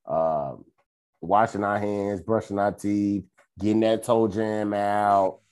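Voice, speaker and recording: Co-host, man, lower voice, cusses freely and rambles. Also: fairly even intonation, takes it slowly, smooth. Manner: profane, rambling, loud bursts. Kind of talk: casual podcast chat.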